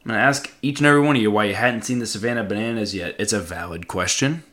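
A young man hosting a casual solo podcast, rambling and joking, with sudden loud outbursts. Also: lowish voice, rapid-fire. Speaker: podcast host.

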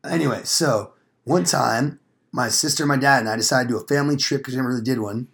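A man's voice: mid-range voice, fast, vocal fry, a bit bright. A young man casually telling a rambling, profane story on a podcast, acting out quoted lines. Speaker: podcast co-host.

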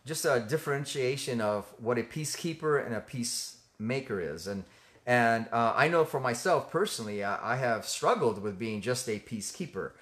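Earnest man teaching in halting speech. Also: medium pitch, animated, a bit bright. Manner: earnest, halting, with many fillers and restarts. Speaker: ministry co-host. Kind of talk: conversational faith teaching.

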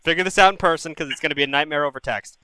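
A man's voice: on the high side, racing, bright, forceful tone, clear, resonant tone, rough recording. A man hosting a call-in advice show, giving blunt, profane, bro-style advice to callers. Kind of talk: casual live-stream call-in advice.

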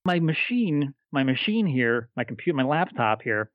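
A man's voice: mid-range voice, very animated, normal speed, dry recording, highs cut off. A man co-hosting a casual podcast, telling stories in a chatty way, often stumbling and repeating words. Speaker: podcast co-host. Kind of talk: casual podcast chat about wrestling history.

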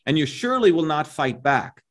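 A man's voice: on the high side, very animated, normal speed. A middle-aged man giving an interview as a guest, talking in an emphatic, lecturing way and often checking in with "right?" and "you see?". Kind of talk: animated opinionated interview talk.

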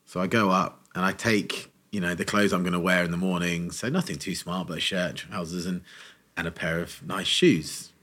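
A man co-hosting a podcast, telling a funny story in a casual, animated way and acting out quotes. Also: low-pitched, moderate pace. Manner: animated anecdote teller, acts out quotes.

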